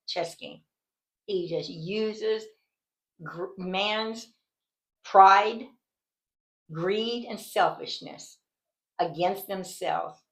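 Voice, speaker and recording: Earnest woman with a lowish voice. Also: gravelly, poor audio. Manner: earnest, indignant, rambling with restarts. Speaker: Bible study teacher. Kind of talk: conversational devotional talk.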